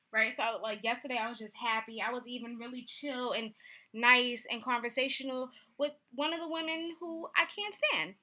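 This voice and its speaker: A young woman vlogging casually, telling a candid story in an animated way and acting out what people said. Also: a little high.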